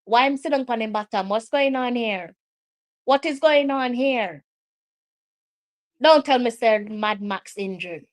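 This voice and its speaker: A woman with a Jamaican accent and a fairly high voice commentates over a live football match for her stream. She is excitable and exasperated, and drifts between standard English and patois as the play unfolds. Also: a little slow, pauses often.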